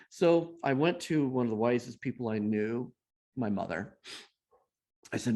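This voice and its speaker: A middle-aged man telling a personal story as a guest speaker, self-deprecating and animated, acting out the voices of the people he quotes. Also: mid-range voice, unhurried, pauses often.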